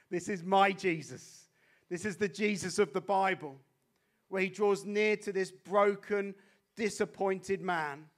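A man with a high, light voice preaches to a congregation. He is animated, rising to near-shouts when excited and dropping to hushed intensity for the serious points. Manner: animated, swings from loud exclamations to hushed intensity. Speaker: guest preacher. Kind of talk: sermon.

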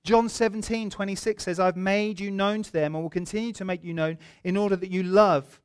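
Brief: male pastor, higher voice, chatty sermon delivery with jokes. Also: steady tone, a little fast, smooth. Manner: conversational preaching with humorous anecdotes.

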